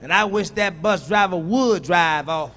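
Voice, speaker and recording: A woman's voice: on the low side, a little slow, fairly bright tone, long reverb tail, pitched below the performer's own voice. A male comedian voicing his indignant, protective middle-aged aunt who is ready to confront a bus driver. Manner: defiant, threatening.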